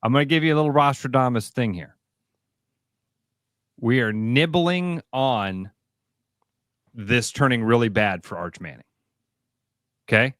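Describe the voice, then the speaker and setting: A man's voice: medium pitch, lively intonation, a little slow, long pauses, a bit bright, no echo. Midwestern male co-host, punchy and repetitive, preaching takes, dry studio. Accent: American Midwest. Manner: emphatic, repetitive, preachy riffs. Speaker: sports radio co-host. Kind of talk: opinionated sports talk. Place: radio studio.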